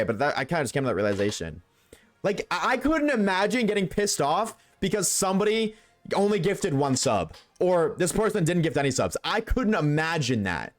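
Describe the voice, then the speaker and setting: A man streaming a game, ranting bluntly to his live chat and swearing freely. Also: high-pitched. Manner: chats with viewers while playing. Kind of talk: casual rant to live chat.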